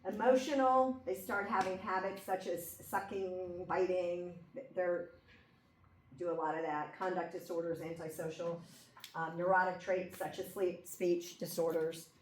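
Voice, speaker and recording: A woman at mid pitch gives a lecture, chatting her way through the material and checking in with her listeners along the way. The mic sits well away from her, so her voice comes across distant in an echoey room. A faint hum runs underneath. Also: fairly even intonation, a little slow. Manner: conversational, checks in with listeners by asking 'okay?' and 'right?'. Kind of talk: classroom lecture.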